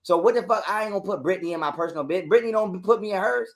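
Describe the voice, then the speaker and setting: A man telling a long story in a casual interview, animated and full of cursing and repetition. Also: high voice, racing. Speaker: guest telling his story.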